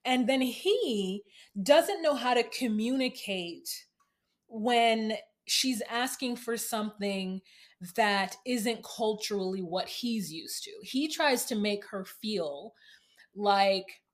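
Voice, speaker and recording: A woman hosting a podcast, recapping a show in an animated, laughing casual chat. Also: fairly high pitch, slow. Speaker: podcast host.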